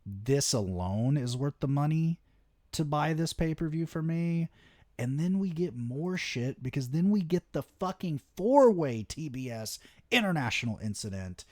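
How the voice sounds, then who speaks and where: A young man hosting a wrestling show, ranting excitedly in casual solo commentary with lots of swearing. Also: on the high side, unhurried, dry recording, clean studio sound. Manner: excitable, heavy swearing, animated rants.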